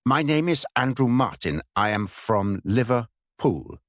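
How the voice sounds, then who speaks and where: A wary, exhausted German agent , put on by a male narrator, speaks stiff, formal English with a heavy German accent. The voice sits high and carries some force, with each word set apart. It is read in a dry, close audiobook recording. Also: sing-song, no room sound. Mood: guarded. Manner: formal, halting password lines.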